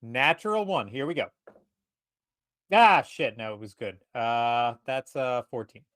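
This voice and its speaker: A man playing a tabletop role-playing game, narrating his character's actions in first person, animated and profane. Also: mid-range voice, a little slow, dry recording. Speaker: player.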